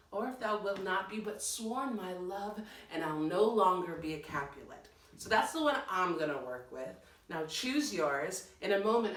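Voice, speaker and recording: A woman's voice: mid-range voice, fairly bright tone, distant mic. A woman drama teacher giving an upbeat, encouraging online lesson from her apartment, talking through step-by-step instructions. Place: home apartment. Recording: roomy echo, mic set back from the speaker.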